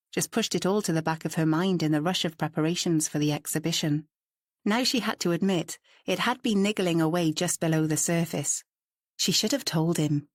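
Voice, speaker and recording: Low-voiced woman audiobook narrator. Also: dry recording, studio quality. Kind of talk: scripted story narration.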